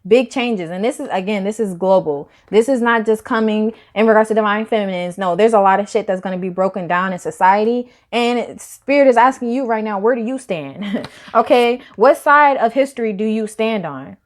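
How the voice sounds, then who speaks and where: A woman's voice: medium pitch, normal speed. A woman giving a casual tarot reading to camera, chatty and emphatic, talking straight to her viewers and swearing now and then. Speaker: tarot reader.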